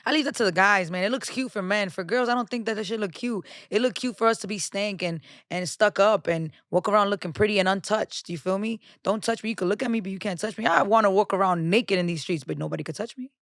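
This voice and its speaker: A woman's voice: mid-range voice, fast talker, few pauses, no room sound, clean studio sound. A young woman with a New York accent, a podcast guest talking bluntly and profanely in casual chat. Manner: blunt, profane, animated storytelling.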